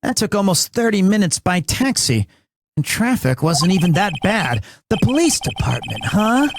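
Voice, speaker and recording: A man's voice: high-pitched, sing-song, moderate pace, slight background noise. A man reading the lines of an earnest young male lawyer from a video game, in a dry, musing way. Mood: puzzled. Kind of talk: reading game dialogue aloud on a stream.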